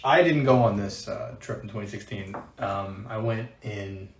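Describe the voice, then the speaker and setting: A man's voice: on the low side, normal speed, gravelly, far from the mic. A man co-hosting a podcast chats casually and slips in short, teasing remarks. He sits away from the mic in an echoey room. A faint hiss runs under his voice. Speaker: podcast co-host. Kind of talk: casual chat.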